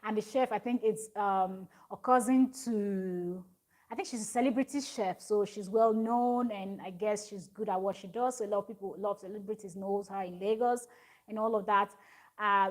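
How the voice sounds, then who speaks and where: A woman's voice: medium pitch, fairly even intonation, brisk, a little mellow. Chatty woman recapping a show. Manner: rambling, many fillers and restarts, reads viewer comments. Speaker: recap vlogger.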